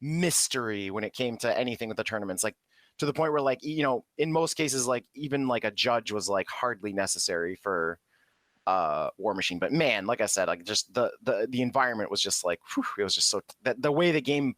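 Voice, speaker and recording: A man co-hosts a podcast, chatting casually in a blunt, opinionated way and swearing freely. His voice sits on the low side with a fairly bright tone, and he talks fairly quickly. The studio-quality recording has no echo.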